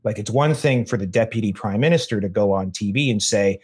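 A man with a fairly low voice, talking in an opinionated, rambling way. He restarts his sentences often as he builds his argument. It sounds like a relaxed podcast conversation. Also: a little fast, hardly any pauses, husky. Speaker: podcast guest. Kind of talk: casual conversation.

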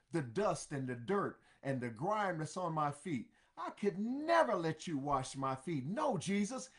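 A man's voice: sits high, a bit bright, heavily acted. A man voicing the apostle Peter, a devoted grown man who protests and pleads with rising emphasis. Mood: protesting.

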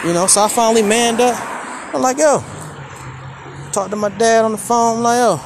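A man in his forties from Maryland hosting a podcast, talking candidly and emotionally in slangy speech, swinging from quiet to heated. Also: very high voice, steady tone, fast, background noise. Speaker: podcast host. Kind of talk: personal monologue.

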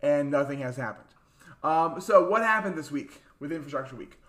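Man, young adult, casual political chat, chatty, laughing, mocking asides, slightly raised pitch. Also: animated, moderate pace, a bit bright. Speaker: podcast co-host.

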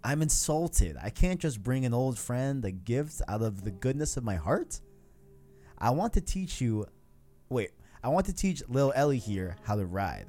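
A man's voice: medium pitch, big pitch swings, moderate pace, darkish tone, soft background music, natural voice. A man reading as a breezy teenage girl. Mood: teasing. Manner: read aloud in an almost everyday voice.

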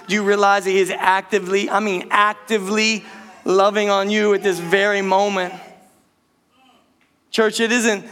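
A middle-aged pastor delivers his sermon in a high, light voice. He preaches in a loose, conversational way, calling out to the church again and again. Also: sharp tone. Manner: conversational preaching with repeated direct address to the church.

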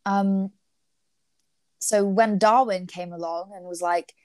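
Slow, thoughtful young woman. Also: mid-range voice, steady tone, darkish tone, dry recording. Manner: thoughtful, hesitant with frequent fillers. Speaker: co-host discussing ethics. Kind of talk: casual study discussion.

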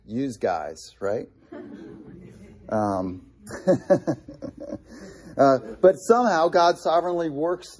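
Male pastor, sermon delivery, warm mellow tone, slightly husky. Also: mid-range voice. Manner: earnest preaching with asides and restarts.

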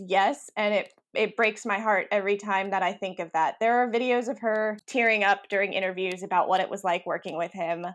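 A young woman co-hosting a podcast, chatting casually and laughing often between quick asides. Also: medium pitch. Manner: giggly, animated, talks in quick asides. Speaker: podcast co-host. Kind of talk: casual chat.

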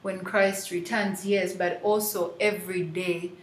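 A woman's voice: on the low side, flat delivery, a little slow. Reflective woman in an echoey room. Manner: reflective, many fillers. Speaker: podcast host. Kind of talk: Christian podcast conversation.

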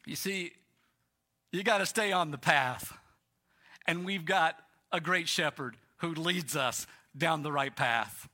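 A man's voice: fairly high pitch, takes it slowly, bright, forceful tone. A male pastor preaching a sermon, telling stories and driving points home with repetition. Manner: storytelling, emphatic repetition.

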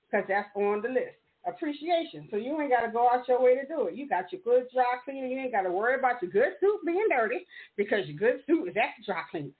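A woman co-hosting a podcast, teasing and profane in casual debate chat, laughing often. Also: on the high side. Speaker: podcast co-host. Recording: tinny phone-like sound.

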